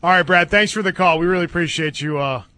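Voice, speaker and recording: High, bright-voiced male sports radio host. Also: fast, dry recording. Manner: laughing, playful.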